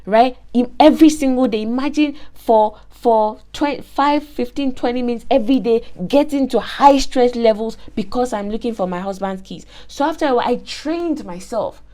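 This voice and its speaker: Speaking at a normal pace with few pauses, a woman with a slightly high voice hosts a faith-based motivational talk. She tells stories emphatically and in an animated way, repeating herself a lot.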